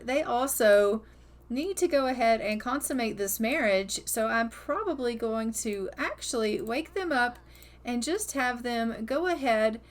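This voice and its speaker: Woman, gameplay commentary, cheerful and chatty, fairly high voice. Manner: chatty, cheerful, narrates with put-on character voices. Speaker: gaming video host.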